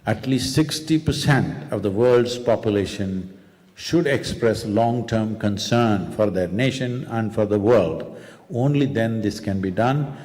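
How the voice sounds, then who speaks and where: A man's voice: on the low side, a little slow, darkish tone. Man prodding an audience in a big hall. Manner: rhetorical, prodding the audience with questions. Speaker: spiritual teacher. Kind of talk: live public talk. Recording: long reverb of a large hall.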